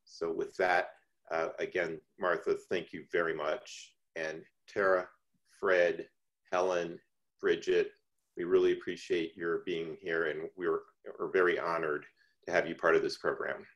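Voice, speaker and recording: A man with a low, deep voice closes an event with thanks to the performers. He speaks slowly and a little haltingly, pausing between phrases. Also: level tone, lo-fi sound. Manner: unhurried, grateful, halting with small pauses. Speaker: event host. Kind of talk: closing remarks at a live event.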